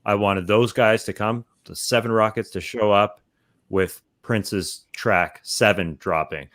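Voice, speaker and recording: A man with a fairly low voice co-hosting a casual podcast. He rambles playfully through his stories and jokes along as he goes. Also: steady tone, measured pace, fairly bright tone, dry recording, clean studio sound. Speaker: podcast co-host.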